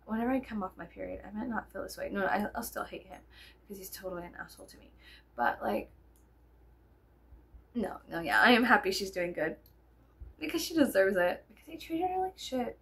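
A woman's voice: medium pitch, animated, fairly quick, gravelly, pauses often, husky. A tired young woman rambling to her viewers in a casual vlog, swearing a lot and joking sarcastically. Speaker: vlogger. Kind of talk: casual chat to camera.

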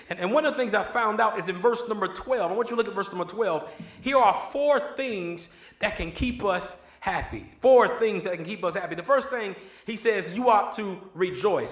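A man's voice: high-pitched, fairly bright tone. A man preaching a sermon in a church, calling for amens from the congregation. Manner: call-and-response preaching, asks for amens. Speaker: pastor. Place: church sanctuary. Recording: echoey church room.

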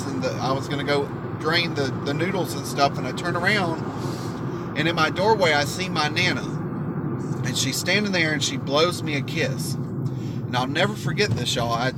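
A man vlogging from a car, telling a heartfelt personal story in a rambling way with lots of fillers. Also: a little high. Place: riding in a car. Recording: loud road noise from a car.

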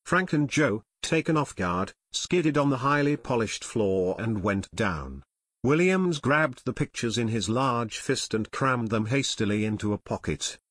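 A man reading an audiobook in steady scripted narration. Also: mid-range voice, breathy edge, no room sound.

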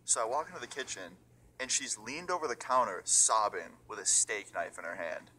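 A man's voice: on the low side, expressive, moderate pace, bright, forceful tone. A young man telling a storytime vlog in a chatty, swearing way, acting out what people said. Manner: chatty, swearing, acts out quotes. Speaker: storytime YouTuber.

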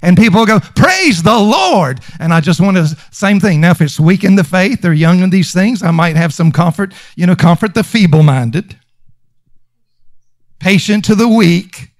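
A pastor whose voice sits high and sounds a little mellow preaches at a moderate pace. He's emphatic and chatty, repeating lines for stress amid fillers and restarts. No echo is present.

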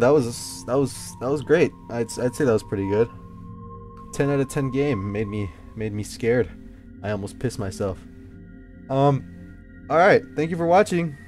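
A man's voice: mid-range voice, a little mellow. Jittery young man playing a horror game. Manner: jittery, swears, yelps and talks to himself when scared. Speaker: gameplay youtuber. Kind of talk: horror game playthrough commentary.

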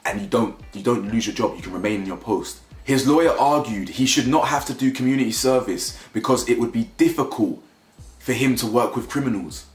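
A man giving casual opinion commentary, animated and rambling, often restarting and repeating himself. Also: medium pitch, fairly quick, echoey room, faint music behind. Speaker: commentary YouTuber.

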